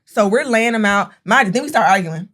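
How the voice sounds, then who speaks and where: A young woman co-hosting a podcast in casual chat, telling a story with lively acted-out quotes. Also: mid-range voice, fairly quick. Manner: animated storytelling, acting out quotes with a raised voice. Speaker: podcast co-host.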